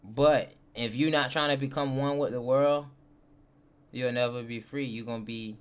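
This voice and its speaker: A man's voice: mid-range voice, fairly even intonation, normal speed, clean tone. A man streaming live and reacting to a clip in casual chat, rambling and thinking aloud with filler words. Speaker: livestreamer.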